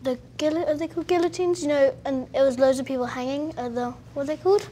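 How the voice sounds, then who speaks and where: Giggly high-voiced young actor. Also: female voice, quick pace. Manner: giggly, animated storytelling. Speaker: cast member interviewed at a festival. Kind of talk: casual press junket chat.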